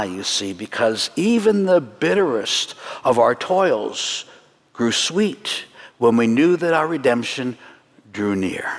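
A man teaching a congregation through a Seder, earnest and slowing down for solemn points, with light jokes along the way. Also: medium pitch, big-room sound. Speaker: messianic teacher leading a Seder demonstration. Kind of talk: sermon-style teaching to a congregation.

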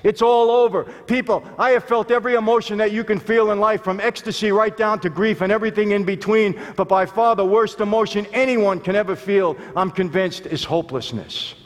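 Telling his life story to a live audience in a large hall with long reverb, a man gives an earnest, emphatic testimony and often calls out to listeners as "people." His high voice holds a steady tone, moving a little fast with few pauses.

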